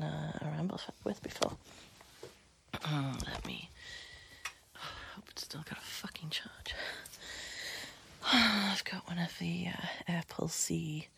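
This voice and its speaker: A woman speaking in a soft, breathy whisper in a private monologue, sighing and giggling between phrases. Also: lowish voice. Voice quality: husky, breathy.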